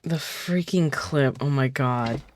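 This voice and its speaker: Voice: medium pitch, takes it slowly, noisy background. A streamer chatting casually with viewers and reading a book aloud, loose and swearing, into a desk microphone. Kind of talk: casual livestream chat and read-aloud.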